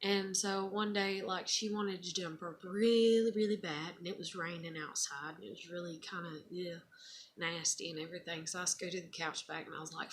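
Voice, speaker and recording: A woman's voice: on the low side, fairly even intonation, moderate pace, a little hiss or hum. A woman in her thirties, a mother, casually chatting and reading her child's old letters aloud, rambling and emotional. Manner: rambling, soft-spoken, emotional. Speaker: vlogger, mother.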